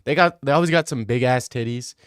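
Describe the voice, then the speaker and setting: A young man chats loosely on a livestream and answers questions. His delivery is crude and joking, full of slang and side tangents. The sound is dry, close and free of any room ring, and his pitch sits in a middle range. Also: fairly quick, smooth, no echo. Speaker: streamer answering chat questions. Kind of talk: casual livestream Q&A.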